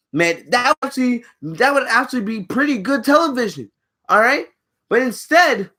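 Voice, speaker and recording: A man giving a casual video review rant, animated and repeating phrases for emphasis, often checking in with the viewers. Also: sits high. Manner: keeps checking in with "all right?". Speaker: wrestling reviewer.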